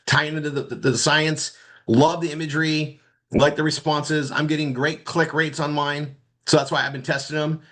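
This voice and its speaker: A man teaching marketing in a casual screen-share walkthrough, rambling and halting, often repeating words as he clicks around. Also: a little high, sharp tone. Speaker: marketing instructor.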